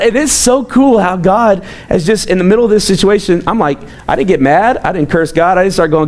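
A man in his thirties preaching a sermon as a pastor, telling personal stories in an animated way with frequent restarts. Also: high voice, fast talker. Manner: animated, storytelling, repeats words.

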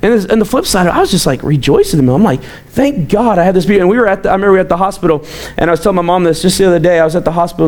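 A man in his thirties preaching a sermon as a pastor, telling personal stories in an animated way with frequent restarts. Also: on the high side. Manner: animated, storytelling, repeats words.

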